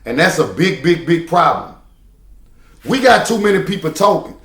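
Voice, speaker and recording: Speaking at normal speed and very animated, a man who drives trucks lectures the camera emphatically, hammering points home with repeated phrases. His pitch runs a bit high for a man, and the sound bounces off an echoey room.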